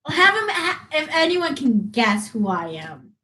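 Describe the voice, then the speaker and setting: A woman's high, bright voice swoops up and down as she chats as a guest on a casual stream. She is loud and easily excited, often close to shouting. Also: measured pace. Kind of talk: casual live stream chat.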